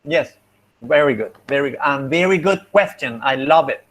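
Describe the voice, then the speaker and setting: A man's voice: medium pitch, lively intonation, normal speed, a bit bright, low-quality recording. A young adult man with a Spanish accent, a phonetics teacher giving class feedback, explaining patiently and repeating examples.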